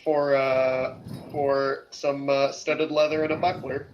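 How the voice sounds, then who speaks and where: A man's voice: medium pitch, level tone, takes it slowly, lo-fi sound. A man playing in a tabletop game, playful and hesitant with fillers. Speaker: player. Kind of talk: tabletop role-play.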